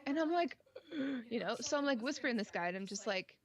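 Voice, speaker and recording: A woman's voice: fairly high pitch, fairly quick. A woman co-hosting a casual podcast, telling a gaming story with lots of filler words. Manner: animated storyteller, many "like" fillers. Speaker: podcast co-host.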